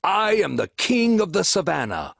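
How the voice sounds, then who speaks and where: A man's voice: high-pitched, huge pitch swings, moderate pace, gravelly, a bit bright, no room sound, clean studio sound, pitched above the performer's own voice, exaggerated voice. A man voicing a proud, regal, boastful male lion in a recorded storybook reading. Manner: roaring, boastful.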